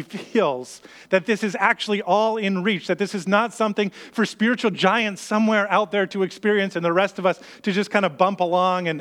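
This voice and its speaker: Earnest high-voiced male pastor preaching. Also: a bit bright. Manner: earnest, conversational, acts out worried inner voices. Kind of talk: sermon.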